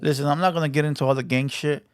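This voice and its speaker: A man's voice: fairly high pitch, steady tone, rapid-fire. A young Mexican-American man hosting a reaction show, talking bluntly and casually with lots of "right?" and "bro". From United States. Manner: blunt, profane, talks with many "right?" and "bro". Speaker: reaction channel host.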